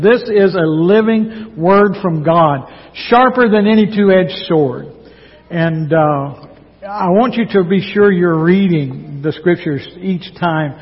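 A man preaching a sermon in an earnest, folksy, slow and emphatic way, sharing the pulpit with another pastor. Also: high-pitched, husky. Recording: dull lo-fi sound with long church reverb.

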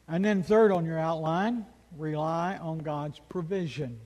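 A man's voice: a little high, unhurried, hardly any pauses, a little mellow. A man preaching a sermon as pastor, emphatic and full of rhetorical questions, in a church sanctuary. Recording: long reverb of a large hall.

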